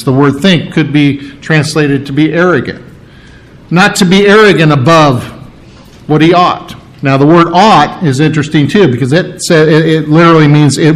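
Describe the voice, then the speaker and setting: Higher-voiced man preaching an expository sermon. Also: low-quality recording. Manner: explains word meanings step by step, restarts and stresses key words.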